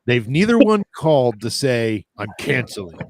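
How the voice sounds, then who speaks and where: A man's voice: medium pitch, moderate pace. Joking American man in casual chat. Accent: Midwestern American. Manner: chatty, joking, animated. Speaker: podcast co-host, travel agent.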